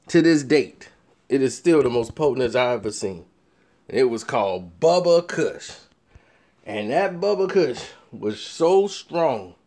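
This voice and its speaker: A man in casual talk, spinning a story with frequent laughter and quoted voices. His voice sits high and swings widely in pitch. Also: darkish tone.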